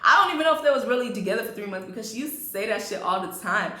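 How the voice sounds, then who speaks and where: A woman's voice: medium pitch, expressive, very fast, sharp tone. A young adult woman telling a storytime vlog, chatty and laughing, talking straight to her viewers. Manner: chatty, addresses viewers as y'all, laughs often. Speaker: vlogger. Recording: roomy echo.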